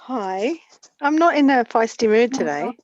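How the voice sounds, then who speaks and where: A woman's voice: a little high, a little slow, no room sound. A woman chatting casually on a video call, telling stories with lots of laughter. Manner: laughs often, animated storytelling. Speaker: guest. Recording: dull, dry video call audio.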